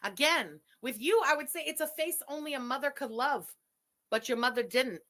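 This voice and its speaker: A woman's voice: sits high, lively intonation, normal speed, a bit bright. A woman ranting on a livestream in a furious, insulting, profane way. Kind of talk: livestream rant.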